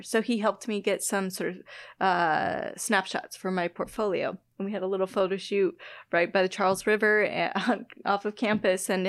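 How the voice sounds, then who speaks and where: A woman's voice: mid-range voice, no echo. Chatty Midwestern woman, dry close mic. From Illinois-Wisconsin border, US Midwest. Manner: chatty, laughs often, self-deprecating asides. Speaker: guest biologist. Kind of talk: casual interview chat.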